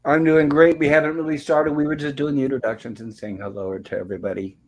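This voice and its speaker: A man's voice: on the high side, steady tone, quick pace. A man hosting a live-streamed review show, greeting viewers and reading chat messages aloud in a friendly, rambling way. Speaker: podcast host.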